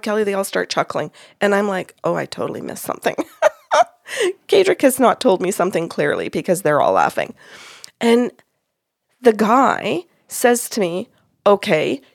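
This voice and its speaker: A woman hosting a podcast tells a story in a relaxed, lively way and voices what others said without changing her own sound. The recording is dry and close, with no room echo. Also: mid-range voice, creaky. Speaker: podcast host and medium. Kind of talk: casual storytelling.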